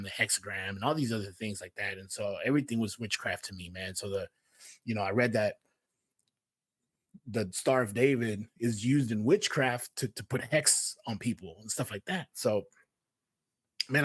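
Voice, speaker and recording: A man's voice: lowish voice, fairly bright tone, slightly rough, dry recording. A man from Houston, hosting a casual Bible message and talking in a slangy, conversational way full of fillers. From Houston, Texas. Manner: slangy and conversational, fills with "man", "yo", "you know what I mean". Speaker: host.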